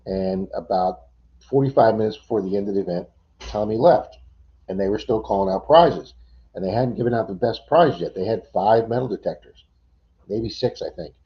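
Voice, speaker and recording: A man's voice: lowish voice, normal speed. A man hosting a live stream, telling a long story casually with many "uh"s and restarts. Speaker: livestream host. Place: home computer setup. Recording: dull lo-fi stream audio.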